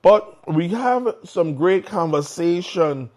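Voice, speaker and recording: Energetic morning show host. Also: male voice, sits high, slow pace. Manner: energetic, conversational, with restarts. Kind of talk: live morning show talk.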